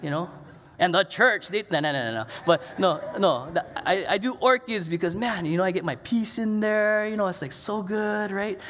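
A man's voice: high-pitched, moderate pace, fairly bright tone, in a large hall. A middle-aged man preaching a sermon in a conversational, storytelling way with casual asides. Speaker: pastor. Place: church sanctuary.

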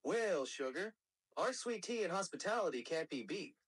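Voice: medium pitch, expressive, normal speed, breathy edge, pitched above the performer's own voice. An AI voice playing a polite, sugary Southern character with a Southern US accent, teasing other regions. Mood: sweet teasing. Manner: sweetly teasing.

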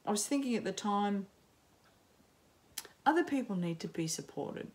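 A middle-aged Australian woman chatting casually as a knitting podcaster at home, rambling and self-mocking, with frequent ums and quick laughs. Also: medium pitch, expressive, darkish tone. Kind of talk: casual chat to camera. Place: home, in sunshine.

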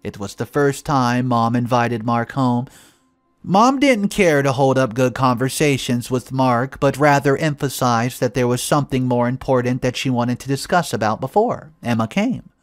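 Male narrator, animated delivery, dry close sound, faint music underneath. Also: medium pitch, normal speed, no echo. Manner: lively, dramatic storytelling. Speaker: story narrator. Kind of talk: reading a first-person story aloud.

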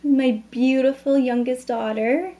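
A woman's voice: sits high, steady tone, unhurried, mellow. A woman in her thirties chatting at home into a camera mic, bubbly and talkative, introducing products and a new baby. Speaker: beauty vlogger. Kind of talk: casual vlog chat.

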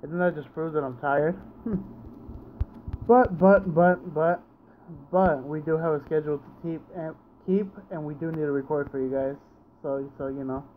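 A man's voice: a little high, fairly even intonation, moderate pace, slight background noise. Man, sleepy gameplay commentary, exasperated and repetitive, tinny phone-like sound. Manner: frustrated, exclaiming at misses, repeating himself. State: sleepy, yawning. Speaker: let's play gamer. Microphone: home recording setup.

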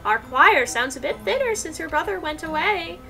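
A woman voicing a gentle male pastor who speaks in a formal, imploring way. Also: very high-pitched, lively intonation, moderate pace, gravelly, soft background music, voice pushed up, heavily acted, low-quality recording. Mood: earnest. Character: gentle male small-town pastor, earnest and polite.

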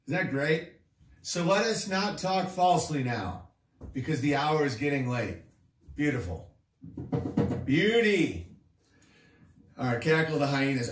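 A man's voice: a little high, sing-song, measured pace, long pauses, roomy sound, recorded from a distance. A man hosting a comedy show, riffing in a sarcastic, crude, rambling way. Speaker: comedian host.

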